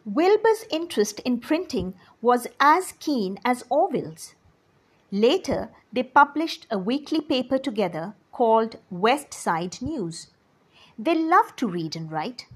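A woman reads a children's story aloud with an expressive delivery. Her voice is breathy and fairly high. She moves slowly, with a lively rise and fall. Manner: expressive, addresses children directly.

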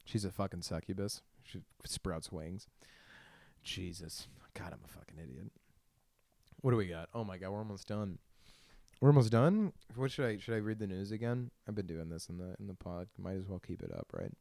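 A man's voice: sits low, big pitch swings, a little fast, vocal fry, mellow, no room sound. A young man hosting a solo podcast, telling crude stories with a lot of laughing and self-mockery. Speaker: podcast host. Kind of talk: rambling solo podcast monologue.

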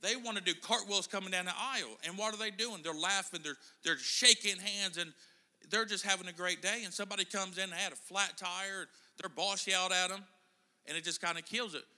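A middle-aged man delivers a casual sermon in a church, chatting and joking with his congregation. His voice is high-pitched and sharp, and he talks a little fast. The church hall gives the recording a noticeable reverb.

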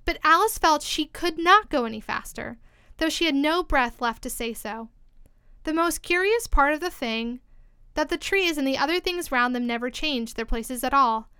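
Gentle woman storyteller, bright voice, close dry recording. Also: high voice, animated, normal speed, dry recording. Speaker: narrator. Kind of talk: storybook reading.

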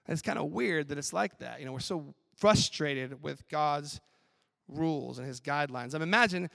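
A man who is a professor preaching a chapel sermon in an animated, playful way. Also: fairly high pitch, vocal fry. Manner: animated, playful, acts out skits with laughs. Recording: long hall reverb.

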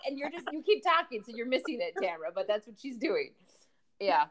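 A woman co-hosting a podcast with a high, bouncy voice. She teases and chats in a playful way. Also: sing-song, brisk. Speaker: podcast co-host. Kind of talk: casual podcast chat.

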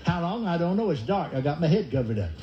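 Older preacher in an echoey room. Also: male voice, fairly high pitch, sing-song, quick pace, background noise. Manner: acts out forced laughter and quoted dialogue. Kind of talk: sermon storytelling. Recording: echoey dull room recording.

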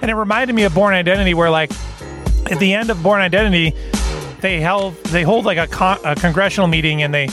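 High-voiced man joking on a podcast. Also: music in the background. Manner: animated, joking, quick to laugh. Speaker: podcast co-host. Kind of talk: casual comedic chat.

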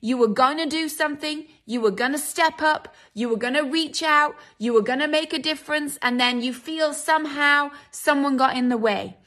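Woman preacher, high, bright voice, emphatic sermon delivery with acted-out quotes. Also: normal speed, few pauses. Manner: emphatic, dramatic quoted voices, direct address to listeners.

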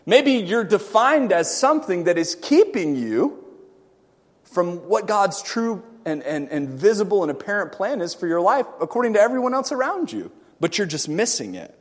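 A man preaching a sermon, swinging from loud shouting to quiet, joking asides with the congregation. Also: high-pitched, very animated, normal speed, long reverb tail.

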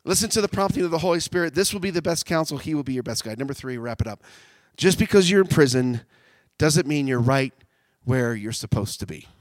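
A man preaching a sermon, animated, swinging from loud shouts down to quiet, intimate tones. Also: fairly high pitch, a little fast, dry recording.

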